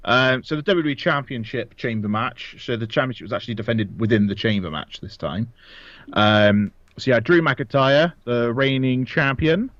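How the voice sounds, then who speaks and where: A man's voice: mid-range voice, moderate pace, a bit bright, no room sound. Rambling man on a dry, dull podcast mic. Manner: rambling, filler-heavy, laughs often. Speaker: podcast co-host. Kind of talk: casual chat.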